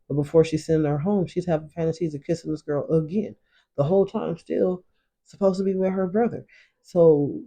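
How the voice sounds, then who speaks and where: Gravelly-voiced man recapping a show. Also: a little high, dark tone. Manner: loose slangy storytelling, acts out quotes. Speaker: show reaction host. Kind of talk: casual recap commentary.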